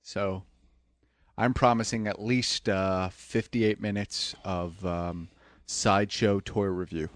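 A man co-hosting a casual podcast, laid-back, with quick quips. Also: lowish voice, steady tone, dry recording, studio quality. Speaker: podcast co-host. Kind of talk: casual chat.

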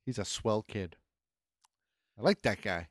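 A man's voice: on the low side, lively intonation, a little slow, no room sound, studio quality. A man co-hosting a casual geek podcast, teasing and laughing easily, with hesitant fillers, a beer or two in. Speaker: podcast co-host, news segment. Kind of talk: casual chat.

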